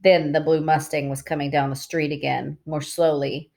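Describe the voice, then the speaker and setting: Low-voiced woman reading a novel aloud. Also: normal speed, creaky. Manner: steady, plain narration. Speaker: reader.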